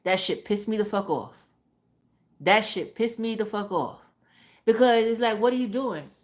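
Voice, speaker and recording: A woman's voice: medium pitch, moderate pace. A woman streamer telling a casual story, swearing freely and repeating phrases for emphasis. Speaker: live streamer.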